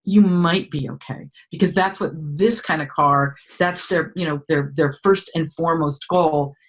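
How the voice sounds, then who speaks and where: A woman author being interviewed, speaking expressively with emphatic, animated phrasing. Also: low voice, unhurried. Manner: expressive, emphatic, frequent restarts. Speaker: author guest. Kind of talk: conversational interview.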